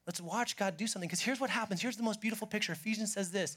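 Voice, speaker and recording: Man, pastor, sermon, high voice, animated, loud then hushed. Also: rapid-fire, few pauses, breathy edge.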